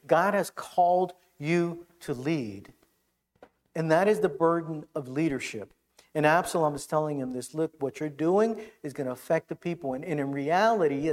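A man preaching a sermon, reading scripture aloud and explaining it with animated, dramatic emphasis. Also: fairly high pitch. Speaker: pastor.

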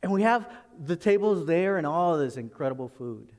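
A male pastor preaching in a church with a high voice that leaps up and down. He is animated and dramatic, acting out the voices of the people he describes, with laughter slipping in. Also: normal speed, big-room sound. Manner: animated, acts out quotes, laughs often. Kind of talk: expository sermon.

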